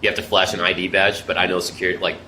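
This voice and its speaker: A man's voice: deep voice, level tone, rapid-fire. A man, a comedian, chatting casually on a podcast, swapping anecdotes and laughing easily. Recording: roomy room with faint noise.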